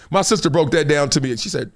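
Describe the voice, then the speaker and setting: Man in his 50s hosting, high voice that jumps all over, acts out what people said. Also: a little fast. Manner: animated storytelling, acts out quoted voices, frequent laughs. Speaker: show host. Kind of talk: casual talk-show chat.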